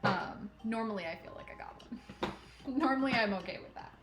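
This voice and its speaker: A woman's voice: fairly high pitch, fairly quick, noisy background. A woman hosting a crafting livestream, chatting casually and giggling while she sorts thread at home, talking to herself and her cat. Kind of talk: casual chat while working. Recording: echoey room, faint music.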